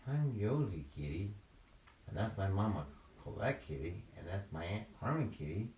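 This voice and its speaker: A man's voice: fairly low pitch, sing-song, normal speed, warm tone, slight background noise. A man doing a chirpy little kitten girl. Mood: eager. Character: small chirpy young female kitten. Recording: roomy, mic at a distance.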